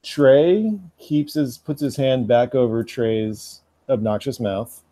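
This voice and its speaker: A man narrating a tabletop game as game master, describing scenes in a halting way with fillers. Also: mid-range voice, warm tone, slight background noise.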